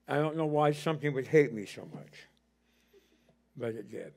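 A middle-aged man preaching a sermon as pastor, telling a personal story with passion and rising to near shouting. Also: mid-range voice, lively intonation, moderate pace, gravelly.

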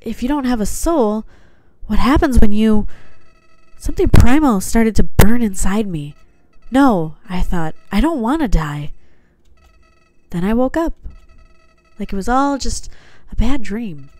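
A woman's voice: on the high side, animated, measured pace, a little mellow, no room sound, pitched above the performer's own voice. A woman reading game dialogue aloud, putting on a voice for a sinister, soulless talking flower that is cold and manipulative. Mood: coldly confiding. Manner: reads game dialogue aloud in a put-on voice, slightly theatrical.

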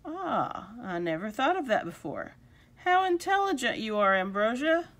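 A woman's voice: fairly high pitch, very animated, normal speed, fairly bright tone. A woman voicing a kindly, fussy old man in a storybook read-aloud. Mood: musing. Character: kindly old man fretting over his hat.

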